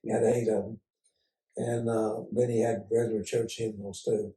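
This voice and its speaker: An older man from Oklahoma, telling folksy stories as an interview guest and pausing often on "uh". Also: on the low side, flat delivery, warm tone. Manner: folksy, unhurried storyteller with frequent "uh" pauses. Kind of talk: casual storytelling interview. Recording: roomy sound from a distance.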